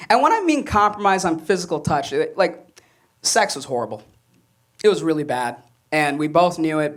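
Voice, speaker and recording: A young man performing a stand-up comedy set, telling stories and acting out quoted voices. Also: sits high. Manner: animated storytelling, acts out quoted voices. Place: comedy club stage with audience laughter.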